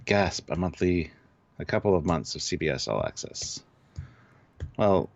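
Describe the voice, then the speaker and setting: Canadian male co-host, very deep voice, laid-back and dry, dull lo-fi stream audio. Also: dry recording. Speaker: co-host reading chat. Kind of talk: casual live-stream chat.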